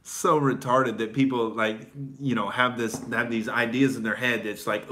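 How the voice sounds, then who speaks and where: A medium-pitched, sharp-toned voice with fairly even intonation and a moderate pace comes from an Oklahoma stand-up comedian, with slight background noise behind him. He chats casually and profanely, leaning on fillers and laughing between his stories.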